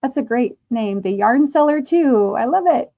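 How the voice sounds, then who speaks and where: Unhurried crochet streamer: a mellow, high voice, friendly comment-reading, frequent little laughs. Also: female voice, expressive. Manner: slow, chatty, laughs often. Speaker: livestream host. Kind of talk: casual livestream chat reading comments.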